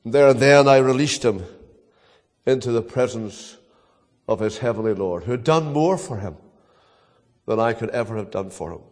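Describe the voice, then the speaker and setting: An older man with a Northern Irish accent preaching a sermon as a pastor, telling stories earnestly with dramatic pauses. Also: medium pitch, darkish tone, big-room sound.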